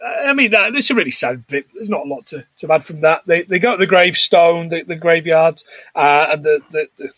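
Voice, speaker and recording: A man's voice: a little high, expressive, fairly quick, fairly bright tone, no room sound. A man co-hosting a podcast, chatting casually and acting out film lines in put-on voices. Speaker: podcast co-host. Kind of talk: casual chat recapping a film.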